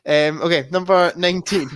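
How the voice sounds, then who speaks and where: A man's voice: a little high, fairly quick, fairly bright tone, smooth, no echo. Male podcast co-host, casual, giggly, self-deprecating, dry close-miked sound. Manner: laughs often, self-deprecating, reads review quiz clues. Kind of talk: casual chat.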